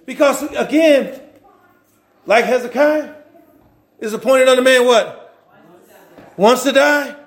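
A man's voice: very high-pitched, slow, pauses often. A man preaching a sermon, repeating words and restarting phrases, with frequent asides checking in with the congregation. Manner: repetitive, stumbling restarts, call-and-response asides to the congregation.

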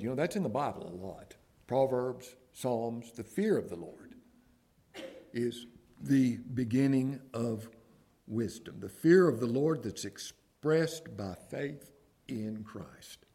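A man delivering a sermon at an unhurried, drawn-out pace. His voice sits at an ordinary middle pitch. He swings from near-whispered asides to raised, emphatic declarations. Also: breathy edge. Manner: dramatic swings from hushed whispers to raised exclamations. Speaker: preacher.

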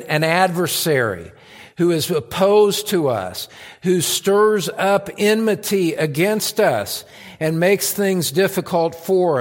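A man preaching an expository sermon at a Bible study, deliberate and emphatic, pressing hard on key phrases. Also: fairly high pitch. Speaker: pastor. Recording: long hall reverb.

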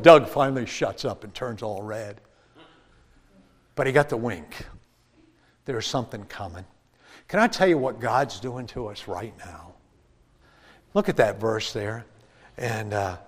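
Animated middle-aged preacher in a church. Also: male voice, on the high side. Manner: animated storytelling, shouting and laughing at punchlines. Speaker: pastor. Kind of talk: sermon. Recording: long church reverb.

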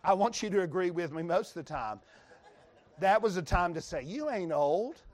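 A man's voice: high-pitched, animated, brisk. A man with a Western North Carolina accent preaching a sermon in a folksy, emphatic way, reading scripture aloud to the congregation. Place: church revival service.

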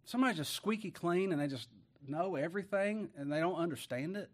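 A man's voice: high voice, expressive, brisk. A middle-aged man preaching a sermon in a folksy way, firing rhetorical questions at his congregation.

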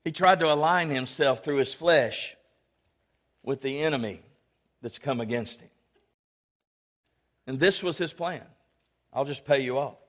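This male pastor's voice is a little high, and he preaches a little slowly, pausing often. His sermon shifts from loud exhortation to hushed asides as he asks the congregation for amens.

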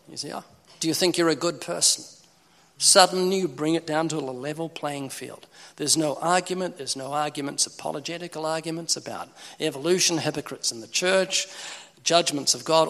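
Gravelly, bright-voiced preacher man in a hall. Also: a little high. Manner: animated storytelling, voices both sides of dialogue. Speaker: evangelist preacher. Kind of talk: sermon. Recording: long hall reverb.

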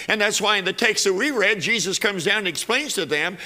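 A man's voice: sits high, lively intonation, fairly quick, sharp tone. A man preaching a sermon, building to emphatic peaks and repeating phrases as he goes.

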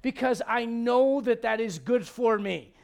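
A man's voice: extremely high pitch, measured pace, vocal fry. A man in his forties preaching a sermon, acting out Bible characters with humor. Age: 40s. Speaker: pastor.

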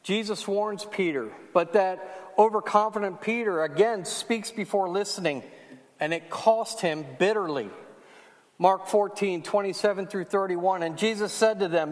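Man, preacher, high voice, emphatic, quizzes the congregation; long hall echo. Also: unhurried. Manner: asks the congregation questions, emphatic and rising on key lines. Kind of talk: sermon.

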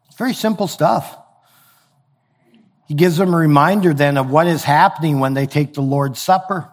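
Male pastor, sermon delivery, relaxed conversational teaching voice, a touch high. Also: moderate pace. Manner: conversational, explains with everyday examples and reads scripture aloud.

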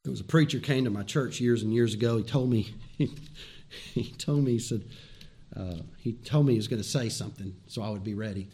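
A man preaching as pastor speaks fairly quickly at medium pitch. He swings from forceful, repeated words to quiet, folksy asides and questions aimed at his listeners.

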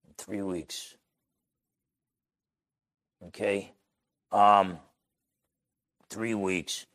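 Here a middle-aged man with a New Jersey accent, a pastor from Essex County, tells a story during his sermon and performs the voices of those he quotes. The recording is dry, and his mid-range voice carries vocal fry.

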